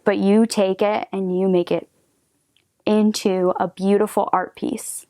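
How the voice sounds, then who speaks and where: A woman giving a gentle tarot reading, talking softly with hesitant restarts and frequent drops into a whisper. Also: mid-range voice, little pitch movement, measured pace, dry recording, clean studio sound. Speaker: tarot reader.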